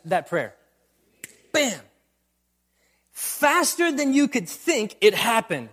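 High, animated male preacher. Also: a little slow, long pauses, breathy edge. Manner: preaching with rising emphatic bursts and repeated refrains. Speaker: pastor. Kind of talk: sermon.

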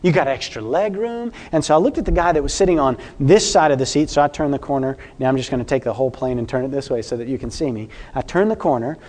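A man's voice: medium pitch, quick pace, hardly any pauses. A man preaching a sermon to a congregation, telling a personal story and asking the listeners questions. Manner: storytelling, animated, addresses congregation directly.

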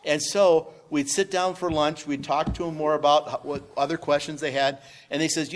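A man's voice: on the high side, steady tone, normal speed, hardly any pauses. A middle-aged man telling a business story on a panel, rambling and restarting with many fillers. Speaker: business owner sharing testimony.

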